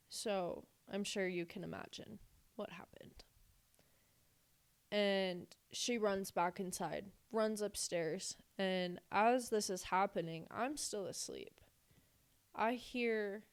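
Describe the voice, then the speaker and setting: A young woman earnestly retelling a painful personal story, acting out quoted dialogue as she goes. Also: fairly low pitch. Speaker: person sharing her testimony.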